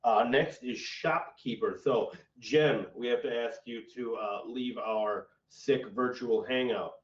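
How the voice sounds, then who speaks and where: A young man hosting an online improv show in a laid-back, unhurried way, announcing the games and handing out prompts over a video call. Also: medium pitch. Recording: distant, dull, echoey video-call audio.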